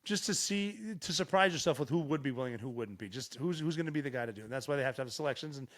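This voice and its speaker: A middle-aged Montana man appears as a podcast guest, telling stories in casual chat at a racing pace with a medium-pitched voice. He's an animated storyteller who swears plenty.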